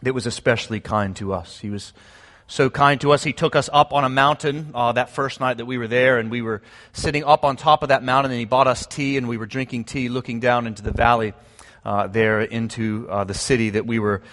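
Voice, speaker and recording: A man pastor leading a prayer and then preaching, relaxed and conversational with frequent fillers. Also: medium pitch, a little fast, in a large hall. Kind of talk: sermon.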